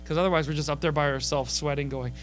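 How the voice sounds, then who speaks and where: A man's voice: fairly high pitch, fast, faint music behind. A man, a guest comedian, chatting casually on a podcast and acting out hecklers in his stories. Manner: animated storyteller acting out hecklers.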